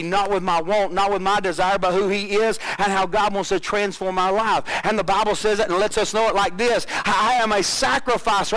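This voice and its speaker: A man preaching a sermon as pastor, full of rhetorical questions and swings between rising fervor and quiet low passages. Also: low-quality recording.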